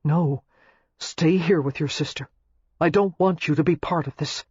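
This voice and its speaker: Troubled young man voiced by the narrator, hoarse, quiet, slightly lowered voice, dry dull audio. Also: measured pace, dry recording. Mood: subdued. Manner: quiet and subdued. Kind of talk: audiobook character reading.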